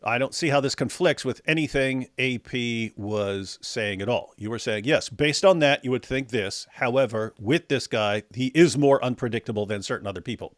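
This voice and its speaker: A man hosts a loose, casual chat, full of sarcasm and jokes. His voice sits at a mid pitch. The sound is dry and close to the mic. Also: normal speed, hardly any pauses, no room sound. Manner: sarcastic, joking. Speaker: host.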